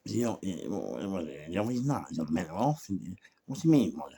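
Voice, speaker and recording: Gravelly London man spinning a story. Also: low-pitched, sing-song, normal speed, mellow. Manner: acts out other people's lines, laughs at his own story; street slang, rambling asides. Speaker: guest telling his life story. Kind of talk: animated storytelling.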